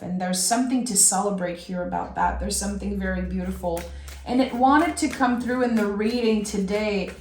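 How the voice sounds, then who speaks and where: A woman giving an intuitive tarot reading, talking softly and emotionally, drawing her phrases out. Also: lowish voice, echoey room. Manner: slow, soft and emotional, with drawn-out phrases. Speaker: tarot reader.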